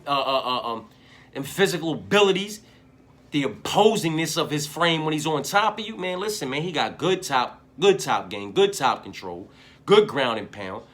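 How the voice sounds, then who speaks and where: A bright, forceful male voice pitched a touch high delivers a profanity-laced fight preview. He talks fast and heated, repeating lines for emphasis, and keeps dropping into low, grumbling stretches. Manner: heated, swings from shouting hype to low muttering; heavy profanity, repeats phrases. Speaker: MMA fight analyst.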